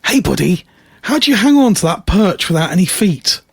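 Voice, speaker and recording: An amazed male pet shop customer, as a man puts him on, husky and eager, firing off incredulous questions. His pitch rises and falls a lot, and the sound is dry and close. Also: big pitch swings, moderate pace, no echo, exaggerated voice.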